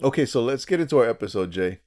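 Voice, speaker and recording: A man's voice: mid-range voice, lively intonation, quick pace, darkish tone. A man co-hosting a casual podcast, chatty and jokey, often restarting his sentences. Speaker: podcast co-host.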